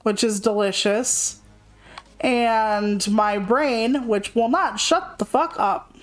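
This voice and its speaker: A woman's voice: a little high, takes it slowly, poor audio. A young woman streaming a game, chatting casually and candidly, rambling and swearing freely. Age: young adult. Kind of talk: casual gaming stream chat. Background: faint game music.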